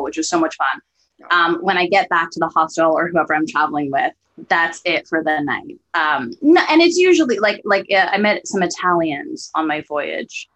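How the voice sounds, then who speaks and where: A woman comedian as a guest, telling stories in a relaxed, self-deprecating way. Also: fairly low pitch, low-quality recording. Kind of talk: casual conversation.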